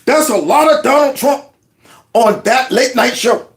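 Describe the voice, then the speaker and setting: A man's voice: very high-pitched, expressive, unhurried. A man giving sarcastic reaction commentary on news clips, mocking them with one rhetorical question after another. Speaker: commentary vlogger.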